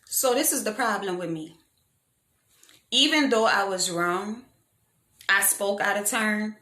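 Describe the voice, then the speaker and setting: A young woman telling a storytime vlog in a frank, animated, slangy way, poking fun at herself. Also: medium pitch, measured pace. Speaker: vlogger. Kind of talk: casual storytime monologue. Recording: echoey room.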